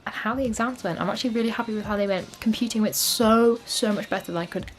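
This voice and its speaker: A woman's voice: medium pitch, quick pace, a little hiss or hum. Chatty young woman vlogging. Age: young adult. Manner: chatty, rambling, lots of "like" and "um". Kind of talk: casual vlog chat.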